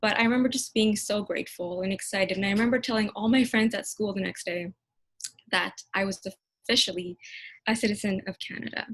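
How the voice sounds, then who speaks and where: A woman in her twenties gives a heartfelt, earnest speech as a new lawyer. She talks over a video call at a middle pitch. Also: fairly even intonation, brisk, low-quality recording. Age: 20s. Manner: earnest, emotional, laughs now and then.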